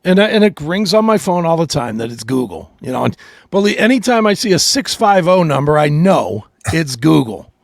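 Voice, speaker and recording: A man with a higher, lively voice leads the chat on a talk podcast, swearing freely as he tells his stories. His voice has a gravelly edge. The recording is close and dry. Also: normal speed, no room sound. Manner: profane, animated storytelling. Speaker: co-host.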